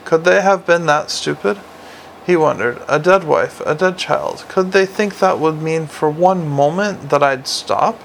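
Gravelly man reading a story aloud. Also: a little high, a little slow, a little hiss or hum. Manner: reads with frequent slips and restarts. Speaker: audiobook narrator. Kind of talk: audiobook narration.

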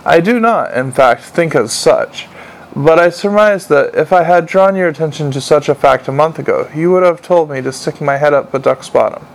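A man's voice: a little high, moderate pace, creaky, rough recording. A man voicing an eager, pedantic little male imp who talks in a prim, literal way.

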